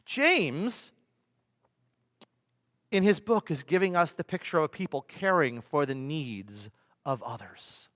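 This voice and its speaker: Man, pastor, fairly high voice, dramatic sermon delivery, long hall reverb. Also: animated, slow, pauses often. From United States. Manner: emphatic preaching with rhetorical questions and big swings in loudness.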